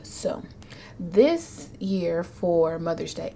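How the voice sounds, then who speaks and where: Earnest mid-thirties woman, softly emotional. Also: medium pitch, lively intonation, slow, gravelly, a little hiss or hum. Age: 30s. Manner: earnest, emotional, addresses viewers as y'all, drops to soft whispers. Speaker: vlogger. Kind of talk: heartfelt personal talk to camera.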